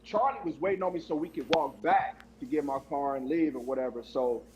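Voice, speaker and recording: A man's voice: fairly high pitch, brisk. A man telling a story as a podcast guest, laughing often and acting out what people said. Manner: laughs often, animated retelling with quoted voices. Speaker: guest, former running back. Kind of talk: casual storytelling. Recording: noisy background.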